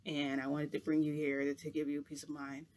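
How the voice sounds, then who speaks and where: A man's voice: on the high side, completely flat delivery, brisk, a little mellow, a little hiss or hum. A man chatting to camera as a vlogger, telling a long rambling story full of "like" in a casual, chatty way.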